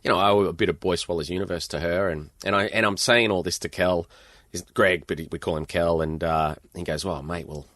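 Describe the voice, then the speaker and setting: An Australian man, middle-aged, a guest author telling long animated anecdotes in a podcast interview, full of casual slang. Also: low voice, a little fast, no room sound.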